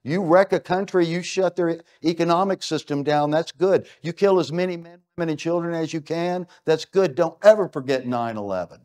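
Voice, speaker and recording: A middle-aged American man gives a punchy, emphatic keynote on an event stage, full of rhetorical questions. His voice is on the high side and darkish in tone, delivered at a moderate pace with few pauses.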